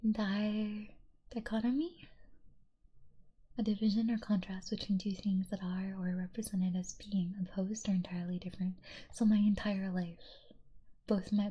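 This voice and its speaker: A young woman streamer reading chat aloud in a soft, giggly whisper, in a whispered role-play style. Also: mid-range voice, level tone, normal speed, breathy edge, muffled recording.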